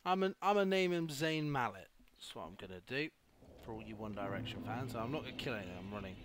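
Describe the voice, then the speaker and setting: A young man commentating his gameplay, swinging from mutters to furious shouted swearing with a lively, jumpy pitch. There's steady noise under his voice in the recording. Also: fast talker. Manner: swearing, frequent angry yelling outbursts. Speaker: gaming youtuber. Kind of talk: let's play commentary.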